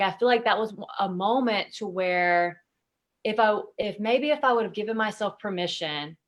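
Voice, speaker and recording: A woman's voice: medium pitch, fairly bright tone. A woman speaking as a podcast guest, telling personal stories candidly, emotional, with plenty of fillers and free swearing. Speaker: podcast guest, intuitive consultant. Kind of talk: candid conversational storytelling.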